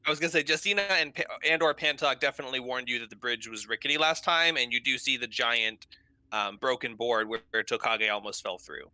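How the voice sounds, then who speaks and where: A man's voice: medium pitch, a little fast, bright, forceful tone, no room sound. A man running an online tabletop game as game master, patiently laying out options for the players.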